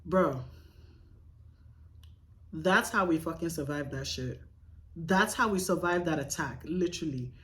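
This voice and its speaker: A woman's voice: low voice, measured pace, long pauses. A young woman vlogger telling a dramatic personal story in a casual, emphatic way, swearing freely. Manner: animated, profane, emphatic retelling.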